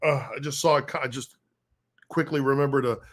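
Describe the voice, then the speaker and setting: A man co-hosting a casual live stream beside his wife, joking with dry, gruff asides. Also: medium pitch, steady tone, fairly quick. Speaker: co-host, host's husband.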